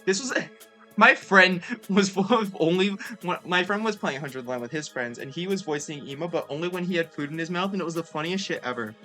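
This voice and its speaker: A woman's voice: on the low side, brisk, sharp tone, faint music behind. A young woman streaming a game, chatty and self-mocking, swearing casually between lines.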